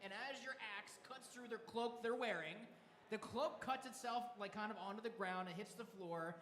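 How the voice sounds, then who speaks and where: A man's voice: sits high, moderate pace, a bit bright, slight background noise. A man narrating a tabletop game as dungeon master, laughing often as he describes the action, recorded in an echoey hall. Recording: echoey hall with live crowd.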